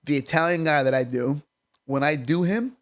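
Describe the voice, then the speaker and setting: A man from Staten Island, a comedian guest telling stories in casual, profane chat. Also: on the high side. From Staten Island, New York. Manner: profane, rapid storytelling.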